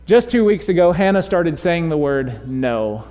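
A young man preaching a sermon, animated and storytelling, acting out voices in the quotes he tells. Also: on the high side, unhurried. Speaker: pastor. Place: church sanctuary. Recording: long reverb of a church hall.

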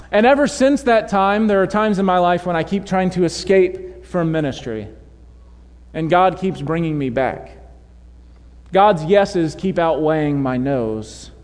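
A young man preaching a sermon, animated and storytelling, acting out voices in the quotes he tells. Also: on the high side. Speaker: pastor. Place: church sanctuary. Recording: long reverb of a church hall.

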